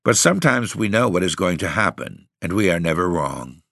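A man voicing an old woman caretaker with second sight, speaking quietly and solemnly. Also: low-pitched, expressive, brisk, gravelly, dry recording, clean studio sound, exaggerated voice. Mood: grave. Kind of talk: audiobook reading.

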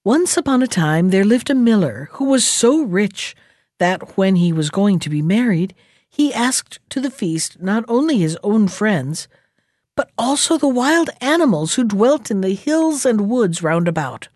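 Lively woman reading a folktale. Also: mid-range voice, measured pace, no echo, studio quality. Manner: lively, expressive storytelling. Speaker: librarian and storyteller. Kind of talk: storybook read-aloud narration.

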